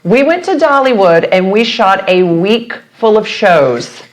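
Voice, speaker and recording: Animated woman telling a story. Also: a little slow. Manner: animated storyteller, acts out quotes with big pitch jumps. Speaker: guest. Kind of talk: casual chat.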